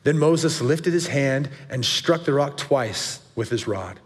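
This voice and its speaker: A male guest pastor preaching earnestly to a men's group. He asks a lot of questions and lifts his pitch sharply for emphasis. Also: lively intonation, slow pace, big-room sound.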